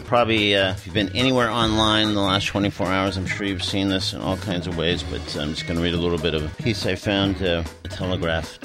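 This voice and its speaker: A man with a lowish voice hosts talk radio from a studio. He talks conversationally and hesitantly, often searching for his words. Music plays underneath him. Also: steady tone, fast, hardly any pauses. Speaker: radio show host. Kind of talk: radio talk show hosting and news reading.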